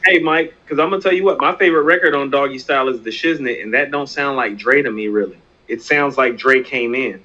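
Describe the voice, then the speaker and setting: Male co-host, bright forceful voice, emphatic, repeats himself; dull remote audio. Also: medium pitch, brisk, few pauses. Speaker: podcast co-host. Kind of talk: casual hip hop discussion.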